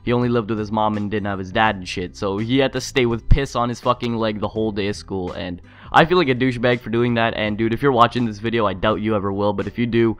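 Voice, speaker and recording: A man's voice: on the low side, quick pace, hardly any pauses, a bit bright, clear, resonant tone. A young man telling a story for his vlog, rambling, swearing often and filling his speech with "like". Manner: rambling, profane, filler-heavy. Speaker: YouTuber.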